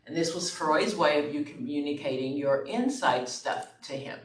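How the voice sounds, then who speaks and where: A middle-aged woman instructor gives a conversational classroom lecture, often checking in with listeners through "okay?" and "right?" Her voice is low and her pace moderate. Picked up far from the mic in an echoey room, the recording has faint room noise.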